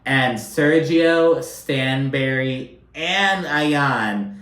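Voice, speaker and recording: A man's voice: medium pitch, extremely slow, a bit bright, reverberant. A man giving casual, profane commentary on a reality show, talking loosely and filling his speech with "like". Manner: profane, chatty, filler-heavy with constant "like".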